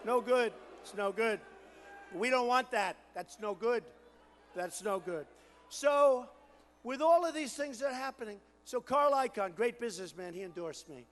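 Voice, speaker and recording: Boastful, high-pitched rally speaker man. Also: expressive, normal speed, big-room sound. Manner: boastful, repetitive, riffing to the crowd; building to shouted crescendos. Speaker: political candidate at a rally. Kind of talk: campaign rally speech.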